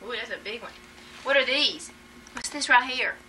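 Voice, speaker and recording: A woman's voice: on the high side, animated, normal speed, sharp tone, a little hiss or hum, rough recording. A woman, a mother, using coaxing sing-song baby talk with her toddler.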